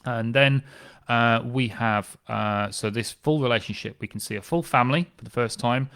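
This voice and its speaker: A man's voice: mid-range voice, moderate pace, a bit bright. A man working as a family history specialist, explaining census records in a conversational, enthusiastic way. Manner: conversational, with fillers and restarts, enthusiastic. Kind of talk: explanatory talk on genealogy records.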